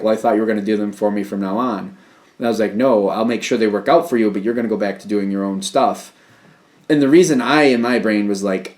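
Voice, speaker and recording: A man's voice: lowish voice, a little mellow. A man giving a casual tarot reading, rambling through hunches and talk of energies. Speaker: tarot reader.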